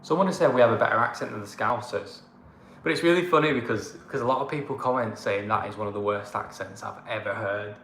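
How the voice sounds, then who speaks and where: A man's voice: lowish voice, fast, a bit bright, reverberant, a little hiss or hum. A man with a northern English accent co-hosting a casual livestream chat, blunt and fond of a good moan. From northern England. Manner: blunt, ranting, fond of moaning. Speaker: co-host of a travel channel.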